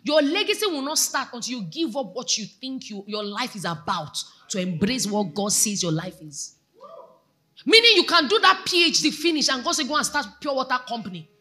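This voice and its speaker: Bright, lively Nigerian woman preaching. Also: on the high side, moderate pace. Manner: exhorting, asks the congregation questions. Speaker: pastor. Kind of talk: sermon. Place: church.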